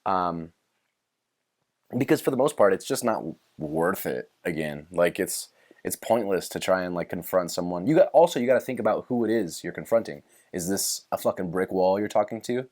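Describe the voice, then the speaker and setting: Profane rambling podcast host, low-voiced man. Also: lively intonation, normal speed, darkish tone. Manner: rambling, profane, swears freely; retells movie scenes with quoted voices. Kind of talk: casual chat.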